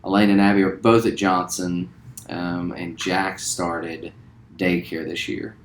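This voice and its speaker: A man in his forties from West Virginia, a theater teacher introducing himself to students in a relaxed, friendly way with lots of ums. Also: low voice, a little slow, slight background noise. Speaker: high school theater teacher. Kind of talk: recorded self-introduction to students. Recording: roomy echo.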